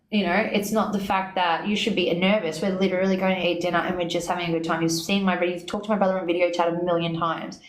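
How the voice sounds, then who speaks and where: A woman telling a story in casual chat. She is animated, swears freely and acts out both sides of quoted talk. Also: fairly low pitch. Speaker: guest. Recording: echoey room with faint noise.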